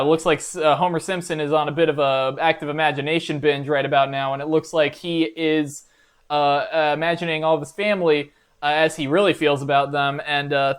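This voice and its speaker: Man, reaction host, rambling, mock-enthusiastic, lots of uhs, slightly high voice. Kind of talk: comedic reaction commentary.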